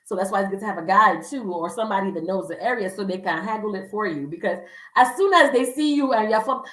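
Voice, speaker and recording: A woman's voice: mid-range voice, expressive, a little fast, fairly bright tone, reverberant, recorded from a distance, low-quality recording. A woman giving casual travel advice as a vlogger, chatty with lots of fillers, acting out quoted voices.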